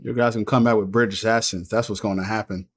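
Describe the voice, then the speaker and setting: A man on a sports podcast panel, easygoing and quick to laugh in casual chat. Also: on the low side, fairly even intonation.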